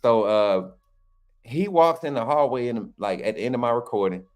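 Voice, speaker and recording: A man's voice: mid-range voice, moderate pace, faint music behind. A man co-hosting a fan channel, telling a story casually with lots of restarts and y'all. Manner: rambling, many restarts and "y'all", animated.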